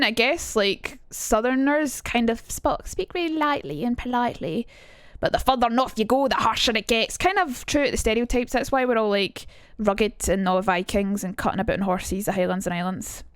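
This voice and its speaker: A woman's voice: on the high side, clean tone, no room sound, clean studio sound. A young Scottish woman chatting on a livestream and teaching accents in a rambling, jokey way. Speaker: streamer.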